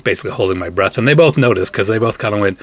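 Husky man telling a lively story. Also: on the low side, very fast. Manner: animated, acts out quoted voices. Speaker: podcast host. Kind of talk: comic anecdote, casual storytelling.

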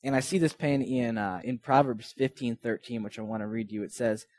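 A man's voice: mid-range voice, steady tone, a little fast, darkish tone, dry recording. Earnest man preaching a casual sermon. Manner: earnest, conversational preaching with Bible readings. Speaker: pastor.

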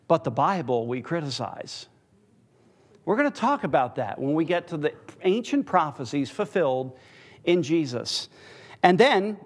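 A man teaching a Bible class in a church, teasing and quizzing the people in the room with a chuckle. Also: high voice.

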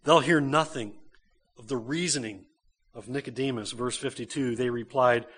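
A man's voice: mid-range voice, a little slow, fairly bright tone, husky. A man, a pastor, preaching a conversational sermon to a church congregation.

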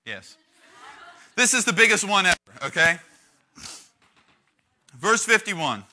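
Man preaching, youth pastor, high voice, very bright and forceful tone, animated, talks straight to the room. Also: normal speed, long pauses. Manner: animated, conversational, acts out quotes with big swings in volume. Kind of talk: lively preaching to a youth group.

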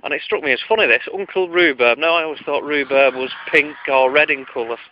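A man's voice: on the high side, brisk, slight background noise. A man telling a comic story from his childhood in a wry, digressive, self-mocking way, on a lo-fi recording.

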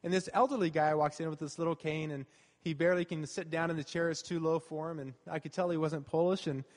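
A man with a high voice preaches in an earnest, conversational way, going back over his main points. His voice carries a long reverb from a church hall. He sounds like a pastor talking straight to his congregation. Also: fairly even intonation, quick pace. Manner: earnest and conversational, repeating key phrases. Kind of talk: sermon.

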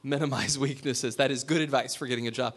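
Man preaching in a relaxed, chatty way. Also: medium pitch, fast, husky. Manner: conversational, asks the congregation questions, drops to a hush for emphasis. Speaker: pastor. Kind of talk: sermon.

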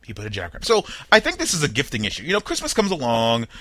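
A young man hosts a comedy news show, his bright, forceful voice swooping up and down as he reads each headline. He drops wry asides and slips into mock-dramatic voices for the people in the stories. The recording is dry and close, with almost no room sound. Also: mid-range voice, wildly swooping pitch, very fast, no echo. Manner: wry, jokey asides while reading headlines. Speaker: podcast host.

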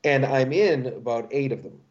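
A man's voice: medium pitch, moderate pace. A middle-aged man, a voice actor, chatting in an interview in a rambling, playful way and often restarting his sentences. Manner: rambling, self-correcting, playful. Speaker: voice actor guest. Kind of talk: casual interview chat. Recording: dull lo-fi sound.

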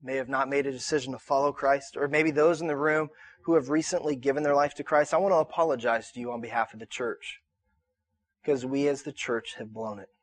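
A male pastor in his thirties preaching a conversational sermon to a room, repeating himself and rising to shouts in his stories. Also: medium pitch, fairly even intonation, a little fast. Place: church auditorium.

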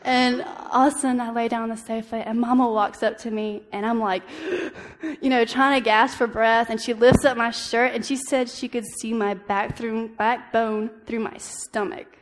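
A young woman shares a personal testimony in an earnest, halting way, full of ums and restarts. Her voice stays fairly level, with little rise and fall. Her words ring on in a hall with a long reverb. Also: fairly high pitch, steady tone, slight background noise. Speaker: speaker giving a church devotional.

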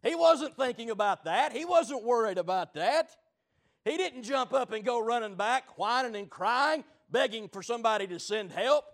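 A man preaching a sermon, telling stories dramatically, swinging between shouting and low murmurs. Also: lively intonation, moderate pace.

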